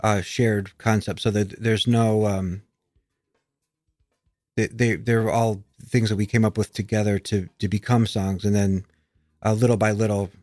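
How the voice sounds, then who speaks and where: A man's voice: lowish voice, flat delivery, a little slow, a little mellow, dry recording, studio quality. A man from the United States, a musician guest in a casual interview, talking with many fillers and restarts.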